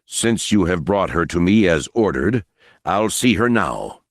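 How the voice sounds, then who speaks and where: A cool, commanding warrior general, played by a male narrator. He speaks low and measured in clipped orders, with a dry close sound. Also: lively intonation, dry recording, full character voice. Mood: stern calm.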